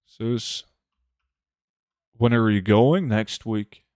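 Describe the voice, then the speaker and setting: A man's voice: lowish voice, takes it slowly, clear, resonant tone, no room sound, clean studio sound. Laid-back man streaming. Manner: relaxed, answers chat with many fillers. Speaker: game streamer. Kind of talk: casual live-stream chat.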